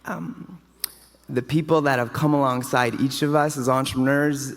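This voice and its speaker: A man's voice: mid-range voice, steady tone, moderate pace. Man giving an upbeat acceptance speech. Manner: casual, storytelling, enthusiastic. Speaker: award recipient. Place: large hotel ballroom. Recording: long hall reverb.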